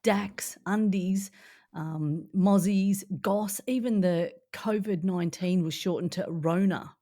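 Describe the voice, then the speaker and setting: A woman's voice: mid-range voice, slow, warm tone. An Australian woman with a mid-range voice, co-hosting a podcast in casual chat. She sounds upbeat, chatty and enthusiastic. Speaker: podcast co-host.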